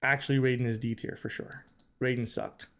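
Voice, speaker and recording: A man's voice: mid-range voice, fairly even intonation, a little fast, gravelly, a bit bright. A man streaming live, giving casual, emphatic commentary and repeating his points, often calling the chat "bro".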